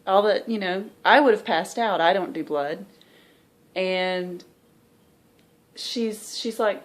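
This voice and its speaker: A woman's voice: mid-range voice, slow pace, pauses often. A woman in her thirties with a Southern US accent, chatting candidly and rambling in a stitching vlog, sounding tired. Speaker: cross-stitch vlogger. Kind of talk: casual chat.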